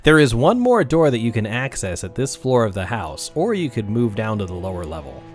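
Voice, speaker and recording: A man narrating as game master of a tabletop game, lively and full of fillers and chuckles. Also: fairly low pitch, brisk, faint music behind.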